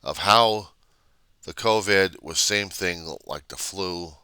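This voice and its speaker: A man's voice: sits low, takes it slowly, pushed and bright, smooth, no room sound. A man delivering an angry, blunt, profanity-laden vlog rant. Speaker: vlogger. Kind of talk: angry ranting monologue.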